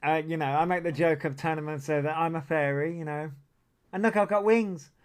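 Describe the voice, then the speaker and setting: A man hosts a casual livestream, his voice sitting a little high. He drifts from one tangent to the next and drops plenty of swear words along the way. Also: brisk, clean tone. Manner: rambling, tangential, swears often. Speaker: livestream host. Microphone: desk mic that picks up a lot.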